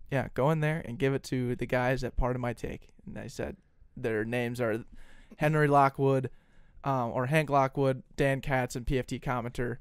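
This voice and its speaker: A young man co-hosting a podcast, spinning a story at an easy pace and acting out the people he talked to. His voice sits at a middle pitch and sounds dry and close to a studio mic. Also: clear, resonant tone, no echo. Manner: animated storyteller, acts out phone calls. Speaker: podcast co-host. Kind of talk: casual storytelling chat.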